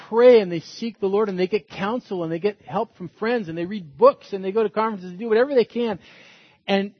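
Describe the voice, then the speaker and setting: A man's voice: high voice, no room sound, highs cut off. A man preaching a sermon as a pastor, earnest and emphatic, repeating his points.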